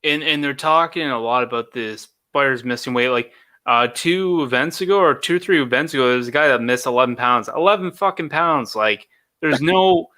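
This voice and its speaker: Bright-voiced male host, blunt. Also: mid-range voice, moderate pace. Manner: blunt, casual, swears. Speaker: interview host. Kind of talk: casual interview questions.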